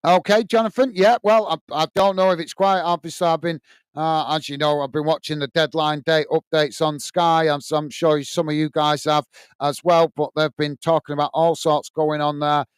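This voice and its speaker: Male British livestream host, chatty, lots of fillers; higher voice, clear tone. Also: little pitch movement, moderate pace, no room sound. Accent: British English. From United Kingdom. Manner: chatty, many fillers and restarts, friendly asides to viewers. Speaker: host of a football fan livestream. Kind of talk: casual live chat reading viewer comments.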